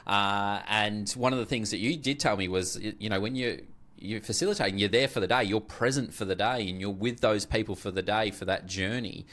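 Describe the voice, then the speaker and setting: A man's voice: on the low side, a little fast, a bit bright. A man co-hosting a podcast, speaking in a tentative, hedging way with plenty of fillers. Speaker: podcast co-host. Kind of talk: casual conversational interview.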